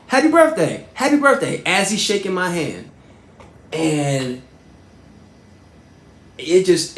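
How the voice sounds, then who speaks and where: A man in his thirties hosting and telling personal stories in a casual, animated way, with lots of shout-outs and fillers. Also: on the high side, reverberant. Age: 30s. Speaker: host.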